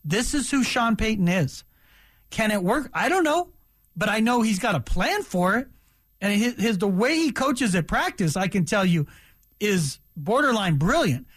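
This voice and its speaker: A man in his fifties talks sports on the radio in an unusually high voice. He is emphatic and opinionated and speaks with animated energy into a studio mic. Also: moderate pace. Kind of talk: sports talk radio chat.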